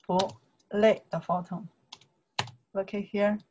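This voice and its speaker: A woman whose first language is Chinese teaches a Chinese lesson in simple, non-native English, her medium-pitched voice flat and a little mellow, with slight background noise. She is patient, drilling words and tones slowly and repeating them.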